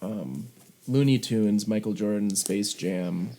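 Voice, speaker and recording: Male podcast co-host, low-ish voice, casual anecdotal delivery. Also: takes it slowly, dark tone. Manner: chatty anecdotal storytelling. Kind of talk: casual chat. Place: recording remotely on his own end.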